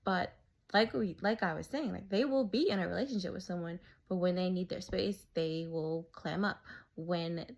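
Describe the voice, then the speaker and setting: A woman's voice: fairly low pitch, normal speed, creaky. A woman vlogger talking casually to camera, candid and swearing freely, with many fillers. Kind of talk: casual opinion monologue.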